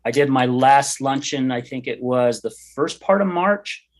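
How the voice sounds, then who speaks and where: A man's voice: mid-range voice, lively intonation, a little slow. A middle-aged man telling his personal story as a podcast guest, earnest, heartfelt and candid. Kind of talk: personal testimony in an interview.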